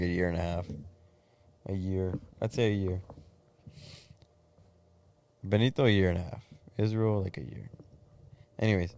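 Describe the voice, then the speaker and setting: A young man co-hosting a podcast, talking casually and easily. His voice sits low with a dark, mellow tone. He laughs a lot and drops "dude" and "man" throughout. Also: creaky. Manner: laid-back, laughs often, says dude and man a lot. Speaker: podcast co-host. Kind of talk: casual chat.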